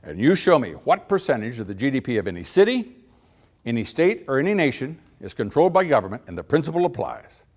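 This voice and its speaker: A man's voice: mid-range voice, fast talker. A middle-aged man giving a folksy speech, telling stories with acted-out dialogue and chuckling at his own jokes. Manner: animated storyteller, acts out little dialogues, laughs at own jokes. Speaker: speaker.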